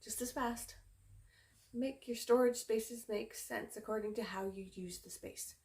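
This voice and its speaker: While cleaning and tidying her bedroom at home, a woman vlogs casually, talking straight to the camera and poking fun at herself. Her voice sits on the high side with a dark tone, and the recording is reverberant.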